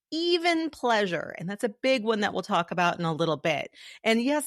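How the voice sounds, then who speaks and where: Lively woman podcast host. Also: medium pitch, no room sound, studio quality. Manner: addresses listener as "love", animated storytelling. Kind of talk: solo podcast monologue.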